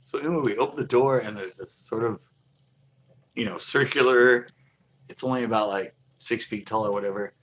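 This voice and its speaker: Rambling man, bright low voice. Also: normal speed, slight background noise. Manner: rambling, many "like" fillers, chuckles as he tells it. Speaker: storyteller. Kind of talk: casual rambling anecdote.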